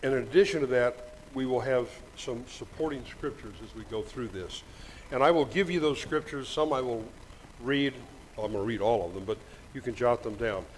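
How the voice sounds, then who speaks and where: An older man delivering a Sunday sermon in a church, joking lightly and reading scripture slowly. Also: mid-range voice, a little hiss or hum, rough recording. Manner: folksy, joking asides, reads scripture slowly. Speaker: preacher. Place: church sanctuary. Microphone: microphone with monitor.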